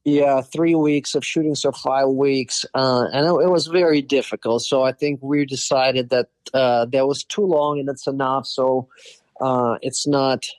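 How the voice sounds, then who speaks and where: A man in his forties from Russia with a Russian accent, a podcast guest telling lively stories and slipping into quoted voices, with many "you know"s. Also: medium pitch, measured pace, dry recording. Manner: animated storyteller, acts out quoted voices, frequent "you know". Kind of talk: casual storytelling interview.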